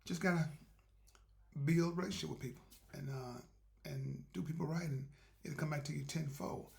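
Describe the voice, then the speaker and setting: A man's voice: a little high, steady tone, moderate pace, vocal fry, a little mellow. A man hosting a motivational show, telling a rambling, folksy story about doing right and offering spiritual encouragement. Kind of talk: casual storytelling monologue.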